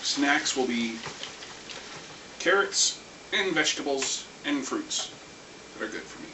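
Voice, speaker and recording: A man ranting casually about anime, rambling and animated, swearing now and then. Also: on the high side, slow pace. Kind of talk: casual rant. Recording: echoey room, far from mic, faint hiss.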